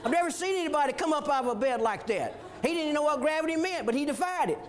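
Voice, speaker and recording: High-voiced man telling a story. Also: rapid-fire, slight background noise. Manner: animated, chuckling storyteller. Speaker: minister. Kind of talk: storytelling testimony.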